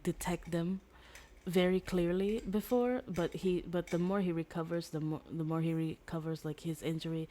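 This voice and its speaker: A woman's voice: low-pitched, dark tone, a little hiss or hum. A young woman streamer casually retelling a story, rambling with fillers and restarts and swearing freely.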